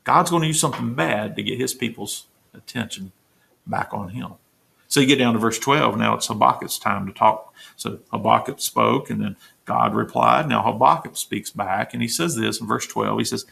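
A man's voice: mid-range voice, normal speed, vocal fry, pushed and bright. A man, a pastor, teaching a Bible study sermon in an earnest, emphatic way, restating his points to the listeners.

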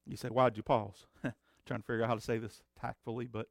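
A man preaching a sermon as pastor, swinging between loud emphatic declarations and low conversational asides. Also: little pitch movement, a little fast, creaky, no room sound, studio quality.

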